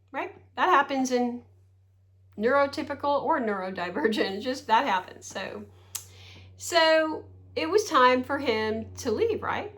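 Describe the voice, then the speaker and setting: A woman in her sixties talks to the camera in a loose, rambling chat, her voice sitting a little high for a woman. She keeps breaking into small laughs and asking rhetorical questions. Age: 60s. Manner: chatty, rambling, with frequent laughs and rhetorical asides. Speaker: vlogger. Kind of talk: casual talking-to-camera chat.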